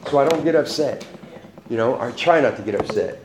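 A man's voice: medium pitch, expressive, a little fast, roomy sound, a little hiss or hum. A man giving a candid, profane personal testimony at a recovery meeting, laughing often.

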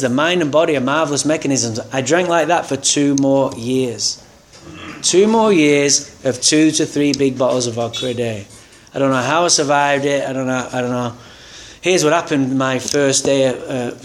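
A man telling a candid, wry personal story about his recovery, acting out the people in it. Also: mid-range voice. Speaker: speaker sharing a recovery story.

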